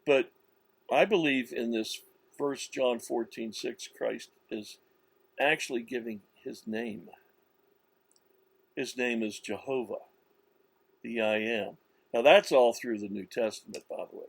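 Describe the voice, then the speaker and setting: A man giving a slow, insistent religious monologue, with many restarts and stressed words. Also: medium pitch, vocal fry, husky, no room sound. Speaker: religious commentator. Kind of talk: self-recorded religious monologue.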